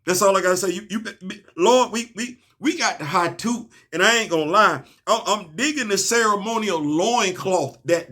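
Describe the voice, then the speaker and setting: High bright animated male comic reviewer. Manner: animated, laughing, stammering restarts, slangy. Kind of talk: excited casual review monologue.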